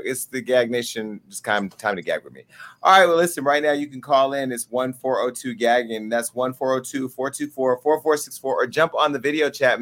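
A man's voice: mid-range voice, a bit bright. Chatty gossiping male talk show host. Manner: chatty, gossipy, quick asides. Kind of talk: casual call-in chat.

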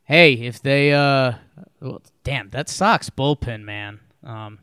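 A man's voice: mid-range voice, slow, bright, forceful tone, smooth, no echo. A man co-hosting a casual sports podcast, chatty and often restarting his sentences. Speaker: podcast co-host.

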